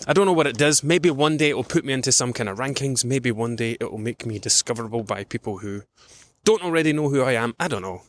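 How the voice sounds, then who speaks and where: A man's voice: medium pitch, fast talker. A man hosting a nutrition podcast, talking in a casual rambling way with many ums while out on a morning walk. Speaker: podcast host, nutrition coach.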